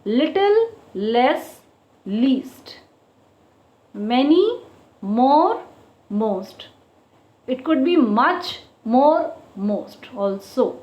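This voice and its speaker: A woman teacher with a high voice works slowly through a grammar lesson, repeating each point and asking "okay?" as she goes. The recording is dull and lo-fi, with an echoey room around her. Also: big pitch swings. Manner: slow, drawn-out explanations, repeating each point and checking with "okay?". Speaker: school teacher.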